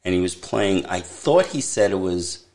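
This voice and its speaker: A middle-aged man co-hosting a podcast, telling a ghost story with an animated, swooping delivery. He chats casually and drops into quick put-on voices for the people in the tale. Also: low-pitched. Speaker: podcast co-host. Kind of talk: casual chat.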